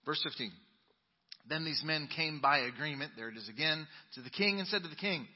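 A man preaches from the pulpit in a slightly high voice, reading scripture with dramatic swings from booming lines to hushed asides. His voice rings through a long church reverb. The sound is a bit dull and muffled. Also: lively intonation, brisk, husky. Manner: dramatic Bible reading with sudden loud and quiet turns. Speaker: pastor. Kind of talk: sermon. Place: church sanctuary.

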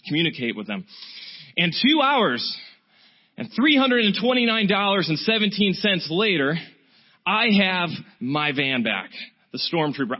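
A man preaching, telling a self-mocking story with an animated delivery. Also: on the high side. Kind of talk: sermon with storytelling. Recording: dull, muffled sound.

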